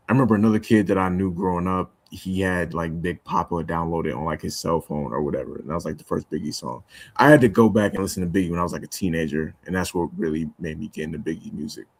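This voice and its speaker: A young adult man with a low-pitched voice chats casually on a podcast, rambling with plenty of fillers and restarts. There's no room sound in the recording.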